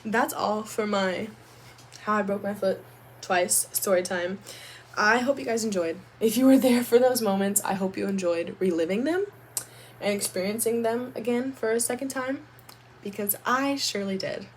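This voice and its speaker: A young woman vlogger telling a storytime about her own life in a chatty, animated way, full of "like". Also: medium pitch, normal speed, slight background noise. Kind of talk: storytime vlog.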